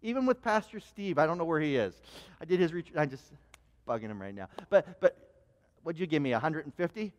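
A high-pitched man delivers a sermon as a running personal story. He talks animatedly and often stumbles, repeating words and restarting sentences. His voice rings with a long reverb from a church hall. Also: animated, a little fast. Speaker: pastor.

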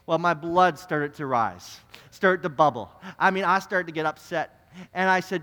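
A young man, a pastor telling a story in his sermon, earnest and animated, often repeating words as he goes. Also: on the high side, normal speed. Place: church sanctuary. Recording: reverberant church hall.

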